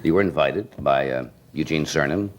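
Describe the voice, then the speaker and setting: A man hosting a talk show, speaking quickly and haltingly to a guest. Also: rumbling low.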